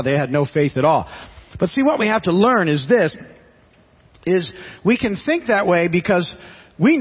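Male pastor, high husky voice, conversational sermon delivery in a reverberant hall. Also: lo-fi sound. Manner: conversational, repeats phrases, asks the congregation questions.

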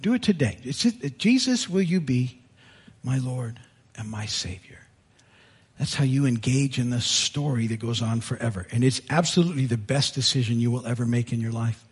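Male pastor, husky, animated delivery, wide-ranging pitch, church sermon. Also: brisk. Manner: animated, jumps into high voices when telling stories. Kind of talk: sermon with storytelling.

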